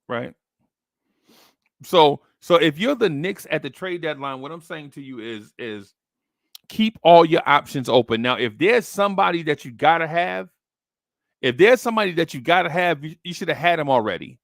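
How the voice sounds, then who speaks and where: A man's voice: fairly high pitch, expressive, moderate pace, vocal fry, a bit bright, no room sound, clean studio sound. A man hosting a podcast, chatting casually about basketball trades and acting out imagined phone calls. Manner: acts out phone calls in a streetwise voice. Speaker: podcast host.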